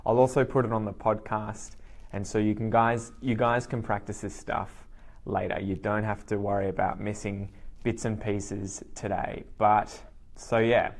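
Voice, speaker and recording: An Australian man giving a live online English lesson, speaking slowly and clearly and repeating words for learners. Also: lowish voice, little pitch movement. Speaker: English teacher.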